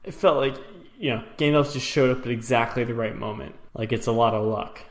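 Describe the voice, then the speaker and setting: Casting note: steady male co-host, mid pitch, recorded in an echoey room. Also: a little fast. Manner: short agreeing replies, plain and steady. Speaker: podcast co-host. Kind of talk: casual book discussion.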